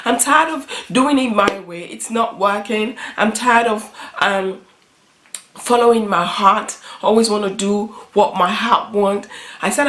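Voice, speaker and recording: A young adult woman talking earnestly in a personal vlog, halting and restarting often. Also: medium pitch, fairly bright tone. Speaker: beauty vlogger. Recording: roomy echo.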